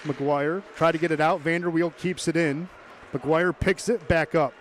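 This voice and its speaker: A man calling live hockey play-by-play, brisk and chatty, tossing in joking asides. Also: on the high side, fairly even intonation, slight background noise. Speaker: play-by-play commentator.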